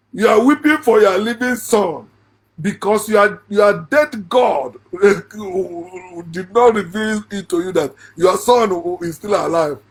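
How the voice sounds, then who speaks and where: Mocking a passage of scripture, a middle-aged Nigerian-accented commentator online speaks in a high, husky voice. Sarcasm and frequent laughter run through it, and at times he shouts.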